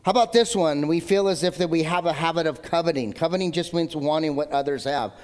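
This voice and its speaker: A male pastor in his thirties preaching a sermon in a conversational, joking way, swinging between loud emphatic lines and low asides. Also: quick pace. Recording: long hall reverb.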